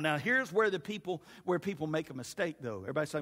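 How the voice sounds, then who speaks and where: A man preaching a sermon to his congregation in a lively, humorous way that addresses the listeners directly. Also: high-pitched, fast talker, long reverb tail. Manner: animated and humorous, talks to the congregation. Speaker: pastor.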